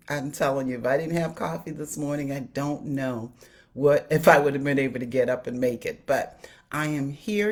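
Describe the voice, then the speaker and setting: Low-voiced upbeat woman. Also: a little mellow. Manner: chatty and upbeat, greets viewers by name. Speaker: inspirational host of a live stream. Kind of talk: casual live-stream chat greeting viewers. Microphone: phone or webcam on a live stream.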